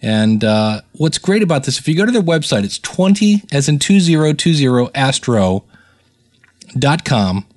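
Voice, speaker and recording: A man's voice: medium pitch, sing-song, moderate pace, darkish tone. An American man hosting a podcast in a chatty, rambling, self-deprecating way. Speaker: podcast host. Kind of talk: casual solo podcast talk.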